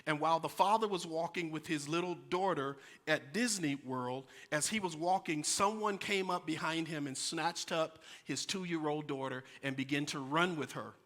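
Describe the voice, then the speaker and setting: A male pastor preaching a sermon, with animated stories and asides to the congregation. His voice is bright and a bit high. It rings out in a church sanctuary with long reverb. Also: normal speed, few pauses. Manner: storytelling, animated, addresses congregation.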